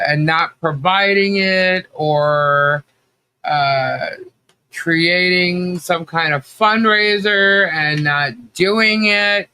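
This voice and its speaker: A man's voice: fairly high pitch, bright, forceful tone, clear, resonant tone. A man hosting a casual livestream chat, greeting viewers by name, a little nasal from allergies and chatty with frequent laughs. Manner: chatty, laughs often, many fillers and restarts. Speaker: livestream host.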